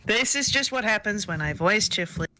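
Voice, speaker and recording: A woman's voice: mid-range voice, expressive, normal speed, bright, forceful tone, a little hiss or hum. A woman playing a tabletop game, chatting casually in a jokey, slightly apologetic way.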